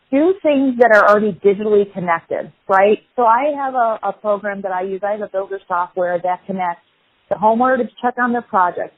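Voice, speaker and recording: A woman's voice: mid-range voice, no echo. A woman guest in an interview, talking in a practical, encouraging way and often adding "right?". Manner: practical and encouraging, tag questions. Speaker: guest, home builder. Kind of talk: conversational interview. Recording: dry phone-like lo-fi line.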